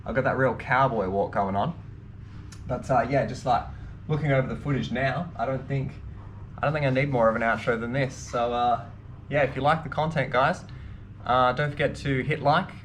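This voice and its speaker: Excitable man vlogging on a trail. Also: mid-range voice, normal speed, a little hiss or hum. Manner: excitable, rambling, swears mildly. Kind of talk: casual self-filmed vlog talk. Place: outdoors on a hill trail.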